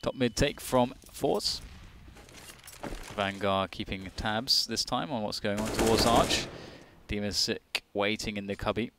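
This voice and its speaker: A man's voice: lowish voice, unhurried, noisy background. A man giving chatty color commentary on an esports match, thinking aloud as he analyses the play.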